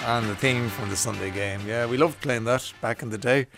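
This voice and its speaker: A man's voice: medium pitch, normal speed, gravelly, over music. An Irish man presenting a radio show in a chatty, casual way, reading out listener messages. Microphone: studio mic.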